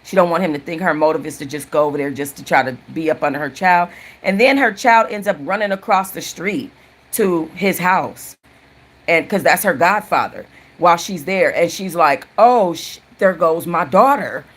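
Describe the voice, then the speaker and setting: A woman with a lowish voice, speaking at normal speed, hosts a casual live-stream book chat. She's chatty, often restarts her sentences, and thanks viewers mid-sentence.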